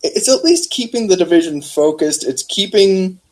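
A man's voice: high voice, animated, moderate pace, low-quality recording. A man co-hosting a wrestling podcast in a joking, easygoing chat. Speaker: podcast co-host.

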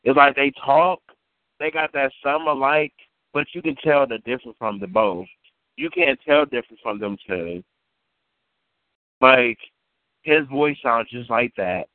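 This caller, a man with a medium-pitched voice, shares a casual story on a community call. He rambles, swears, and says things more than once; the line is tinny and phone-like, dry with no room sound.

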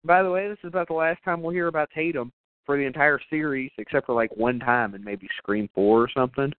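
A man rambles through a movie recap in loose, profane chat, tripping over fillers and cracking himself up. His voice is mid-pitched and comes through a thin, phone-like line. The sound is close and dry, with no room around it. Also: fast, no echo. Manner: profane, rambling, laughs often. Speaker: podcast co-host.

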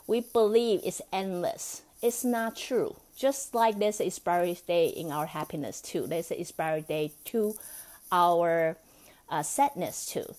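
A woman with a lowish, darkish voice runs a solo self-help podcast in a chatty, coaxing style. She checks in often with "right?" and laughs between thoughts.

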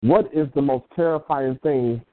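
A man co-hosting an internet radio show, talking in a deliberate, measured and emphatic way. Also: mid-range voice, dry recording. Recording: tinny phone-like line.

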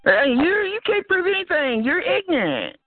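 A woman's voice: high voice, wildly swooping pitch, moderate pace, no room sound. A woman on a chat line mocking and insulting another caller in a scornful, exasperated way. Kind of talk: heated phone argument. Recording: tinny phone line.

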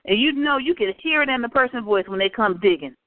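A woman co-hosting a casual chat, telling animated workplace stories and acting out what people said. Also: medium pitch, fast talker, no room sound. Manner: animated storyteller, acts out quotes. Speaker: podcast co-host. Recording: tinny phone-line audio.

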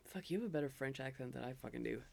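A woman's voice: rumbling low, rapid-fire, creaky, darkish tone. A woman co-hosting a casual podcast over beers, giggly and sweary, rambling as she talks. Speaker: podcast co-host.

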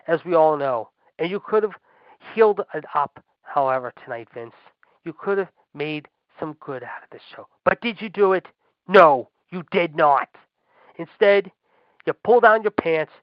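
A man's voice: fairly high pitch, clean tone, no echo. A man hosting a wrestling podcast, ranting in a profane, sarcastic and fired-up way. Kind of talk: ranting commentary. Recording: dull lo-fi dry recording.

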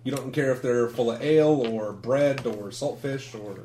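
A man narrating as game master, relaxed and casual, with some swearing. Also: mid-range voice, moderate pace, reverberant, a little hiss or hum.

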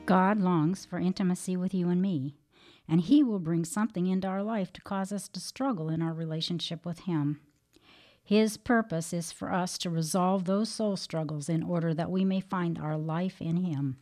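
A woman hosting a Christian teaching program, reading an earnest devotional talk and telling a story in a measured way. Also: on the low side, dark tone.

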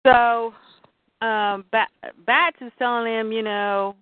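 A woman's voice: a little high, fairly even intonation, takes it slowly, no room sound. A woman casually retelling a comic book issue scene by scene and slipping into the characters' lines as she goes. Her voice comes through thin and phone-like, with a dry, close sound.

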